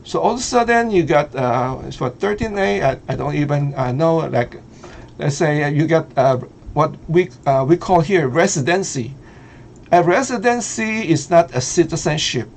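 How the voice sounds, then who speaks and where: Animated and a touch fry-voiced, this middle-aged Filipino vlogger from the Philippines offers loose, casual commentary, pausing hesitantly, stuffing gaps with "uh" and "you know," and laughing readily. His voice runs a little high for a man, and faint room hum sits in the background.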